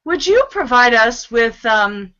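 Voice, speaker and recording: A woman's voice: a little high, sing-song, slow pace, sharp tone, smooth, lo-fi sound. A woman hosting a casual online panel, chatty and leading group laughter exercises. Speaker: host.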